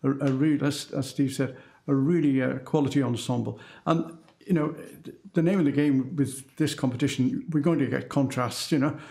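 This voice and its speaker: A man's voice: medium pitch, steady tone, moderate pace, gravelly, dark tone, roomy sound. A man giving thoughtful commentary on a band performance as an adjudicator.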